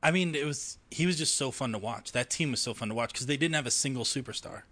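Bright-voiced, eager male podcast guest. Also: medium pitch, fast talker. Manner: eager, enthusiastic recollection. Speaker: podcast guest, sports fan. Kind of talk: casual chat.

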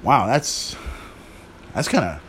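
A man's voice: medium pitch, very animated, slow pace, a bit bright, slight background noise. A man hosting a podcast, ranting casually about wrestling with profane, exasperated rambling. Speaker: podcast host. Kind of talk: casual wrestling commentary rant.

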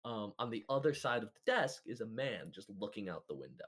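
A man's voice: on the low side, sing-song, fairly quick, crowd noise. A man narrating a tabletop game as game master, casual and rambling, with fillers and laughs.

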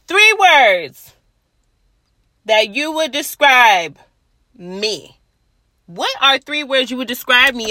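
A young woman hosting her own podcast, chatting casually and bluntly with a loud voice and plenty of swearing. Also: high-pitched, no echo. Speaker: podcast host. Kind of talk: casual solo podcast chat. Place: at her workplace.

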